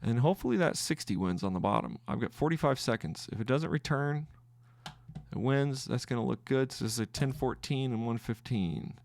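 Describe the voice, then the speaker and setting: Talking through his trades live on his podcast, this male host stops and starts as he counts up his wins and losses. His medium-pitched voice is expressive and gravelly, with a somewhat dark tone.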